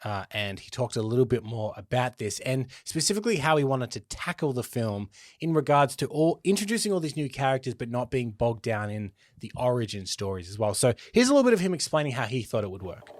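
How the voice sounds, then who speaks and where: A man's voice: medium pitch, big pitch swings, fairly quick, dry recording, clean studio sound. A man hosting a podcast, explaining things in an easygoing, casual way and laughing along with his co-host. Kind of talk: casual chat.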